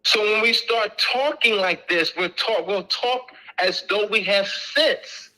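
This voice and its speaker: A man's voice: high voice, takes it slowly, pushed and bright, low-quality recording. A middle-aged man giving an informal lecture to an audience, emphatic and repetitive as he drills each point home.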